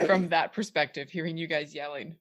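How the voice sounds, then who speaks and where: A woman hosting a podcast interview, relaxed and a little hesitant as she sets up questions. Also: sits low, fairly quick. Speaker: podcast host. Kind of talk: casual interview chat.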